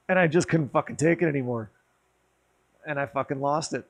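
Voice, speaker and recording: Brisk, a little high, and marked by vocal fry, this man pauses often while streaming. Tipsy after a few drinks, he rambles through a profane story in a casual chat, getting worked up and animated as he goes.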